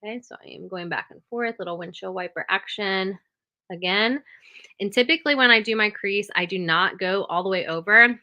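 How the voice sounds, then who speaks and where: Woman, makeup tutorial, bright clear voice, step-by-step, keeps checking in. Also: mid-range voice, a little fast, lo-fi sound. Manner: steady step-by-step instruction, frequent "okay?" check-ins.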